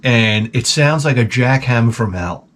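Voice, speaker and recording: A man in his forties hosting a show, telling crude, rambling stories in a casual monologue and jumping into loud, animated retellings. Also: medium pitch, measured pace, slight background noise. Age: 40s. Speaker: host.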